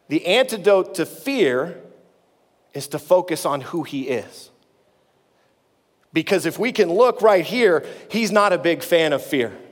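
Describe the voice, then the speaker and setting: A man preaching in a fairly high voice, talking to the congregation like a conversation. He sinks low and soft for the comforting lines. The sound carries a long reverb from a large hall. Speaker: pastor. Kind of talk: sermon.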